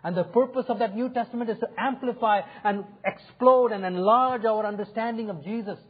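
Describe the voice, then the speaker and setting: A man's voice: high voice, a little fast, breathy edge. A male pastor preaching a sermon in an earnest, inviting way, swelling and dropping his emphasis. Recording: phone-like narrow sound.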